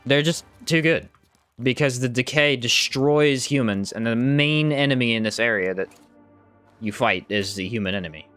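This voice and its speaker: A man with a slightly bright voice at a normal speed provides casual commentary on his live game stream while soft music plays behind him. Chatty and reactive, he reads out chat, and surprises send his pitch jumping up.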